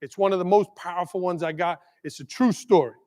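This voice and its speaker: A man with a high, bright voice tells a story from the keynote stage, animated and quick to check in with the crowd. His voice rings out with a long reverb tail from a big conference hall. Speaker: keynote speaker, school leader.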